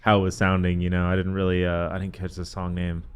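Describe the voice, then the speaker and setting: Laid-back low-voiced man chatting. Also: monotone, quick pace, clean tone. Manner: laid-back, agreeable, casual swearing. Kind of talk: casual podcast chat.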